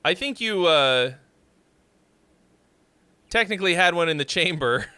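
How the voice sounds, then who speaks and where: Male streamer, lively bright voice, rambling and jokey, close dry mic. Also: sits high, unhurried, smooth, dry recording. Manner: rambling, jokey, with sudden loud shouts. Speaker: livestream host reviewing songs. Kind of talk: casual livestream chat.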